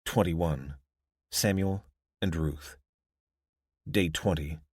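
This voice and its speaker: Brief: male narrator, deep, measured scripted audiobook delivery, dry sound. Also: slightly rough, no echo. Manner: steady, measured storytelling.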